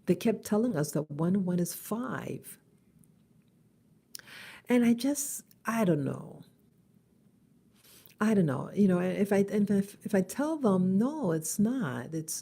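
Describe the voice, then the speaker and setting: A middle-aged woman talking in a halting, casual vlog monologue in her early-morning voice, with many restarts. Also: mid-range voice, vocal fry, mellow. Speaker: vlogger.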